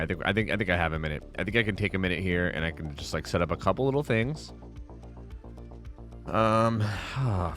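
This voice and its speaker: A man's voice: fairly low pitch, a bit bright. A man hosting a casual livestream who swears a lot, rambles, and keeps thanking subscribers.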